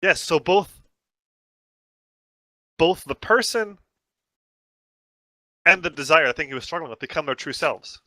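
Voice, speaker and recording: Bright-voiced man leading a discussion. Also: fairly high pitch, lively intonation, unhurried, pauses often, no echo. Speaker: host leading a book discussion. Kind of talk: casual group discussion, reading passages aloud.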